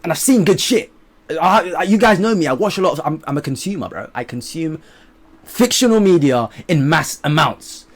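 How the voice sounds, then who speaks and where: A young man reviewing a movie to camera in a casual vlog, excited and animated, swinging between loud bursts and low mutters, swearing freely. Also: moderate pace.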